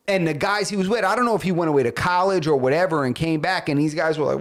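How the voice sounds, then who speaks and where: A man co-hosting a podcast, telling a story in an animated casual way and saying "bro" often. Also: on the high side, a little fast. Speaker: podcast co-host. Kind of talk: casual chat.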